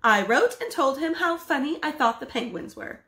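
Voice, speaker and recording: A woman reading as an eager, dreamy middle-aged man who marvels at everything, in a bright, lively voice. It is a storybook read-aloud in an echoey room. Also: sits high, moderate pace, pitched above the performer's own voice, full character voice. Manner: eager, wondering.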